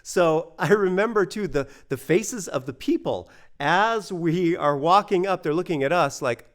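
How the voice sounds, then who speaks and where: A man from the United States telling a personal story in a casual, animated way, acting out the voices he quotes. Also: on the high side, measured pace. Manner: animated, acts out quoted voices, many fillers.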